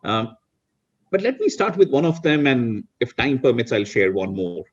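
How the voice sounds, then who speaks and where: A man's voice: mid-range voice, very animated, moderate pace, slightly rough, lo-fi sound. A middle-aged man from India, a guest on a video call talk show, speaking reflectively with frequent restarts. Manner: reflective, many restarts and "you know". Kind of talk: casual interview chat.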